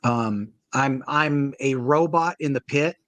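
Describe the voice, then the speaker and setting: A man, a paintball coach, talking casually in an interview and telling animated stories with acted-out quotes. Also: medium pitch, takes it slowly, no echo. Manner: animated storyteller, acts out quoted voices.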